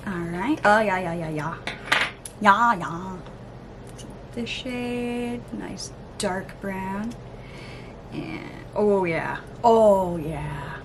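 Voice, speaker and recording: A woman vlogger chatting casually through an unboxing, gushing, gasping and cooing with excitement. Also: medium pitch, drawn-out words, background noise. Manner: gushing, excitable, lots of gasps and oohs. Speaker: beauty vlogger.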